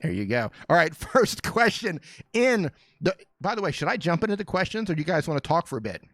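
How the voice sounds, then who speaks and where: A man hosting a casual live question-and-answer stream from a small studio, joking and greeting viewers by name in an excited, fired-up way. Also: fairly high pitch, brisk, no echo.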